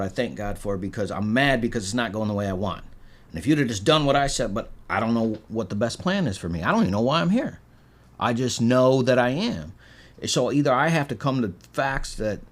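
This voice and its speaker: A middle-aged man from Michigan, a podcast guest telling a story in a casual, animated way and acting out the quotes. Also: medium pitch. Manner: animated storyteller, acts out quotes with swings in loudness.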